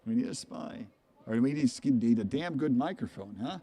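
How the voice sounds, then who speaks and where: Man, baseball play-by-play, live commentary, chatty, rambling asides, mid-pitch voice. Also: expressive, moderate pace, warm tone, slightly rough.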